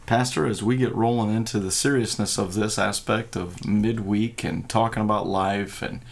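Gravelly low-voiced man chatting. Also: steady tone, normal speed. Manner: jokey, rambling, laughs often. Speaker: podcast host. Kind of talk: casual chat.

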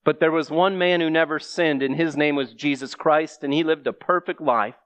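A man's voice: fairly high pitch, steady tone, moderate pace, fairly bright tone, no echo. A man preaching a sermon, speaking earnestly and emphatically straight to his listeners.

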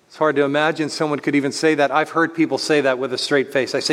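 A man preaching a sermon in an earnest way, slowing down to stress key words. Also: on the high side, level tone, fairly bright tone. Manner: earnest preaching, slows to stress words, speeds up voicing others. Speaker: pastor. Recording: long hall reverb.

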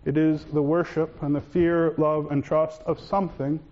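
A man preaching a sermon as pastor, swinging between raised, urgent lines and hushed, calm ones. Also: a little high, normal speed, dull audio.

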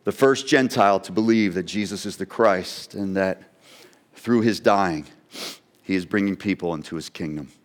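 A man's voice: low voice, normal speed. A man preaching a sermon, dramatically voicing an onlooker's wondering questions. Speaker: pastor.

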